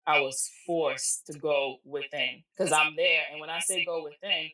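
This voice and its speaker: Animated middle-aged woman, echoey and distant. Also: low voice, measured pace. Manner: animated, acts out quoted dialogue, emphatic and blunt. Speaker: podcast guest. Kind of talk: emotional personal storytelling in casual chat. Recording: echoey room, distant mic.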